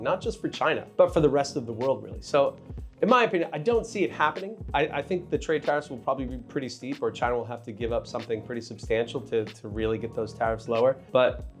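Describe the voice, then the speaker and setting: With a creaky, mid-range voice, a man who hosts a finance channel and trades offers relaxed market commentary straight to camera, mixing in candid jokes aimed at his audience.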